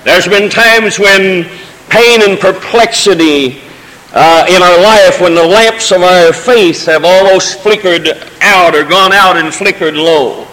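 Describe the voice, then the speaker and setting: A pastor delivers his sermon in a fairly high voice, drifting from easygoing asides into swelling, emotional cadences. His words ring out with the long reverb of a church sanctuary. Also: takes it slowly, sharp tone. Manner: preaching with folksy asides and rising emotional cadences. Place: church sanctuary during a service.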